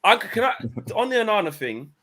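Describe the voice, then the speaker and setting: A man's voice: high-pitched, big pitch swings, quick pace, crowd noise. A man hosting a casual football panel chat, reflective and hesitant, restarting his sentences often. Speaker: football fan channel host.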